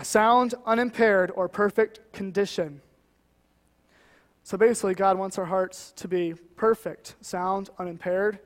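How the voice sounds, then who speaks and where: Guest preacher, man, high voice, earnest and chatty, church with a long echo. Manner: earnest, conversational, many "you know" asides. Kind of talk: sermon.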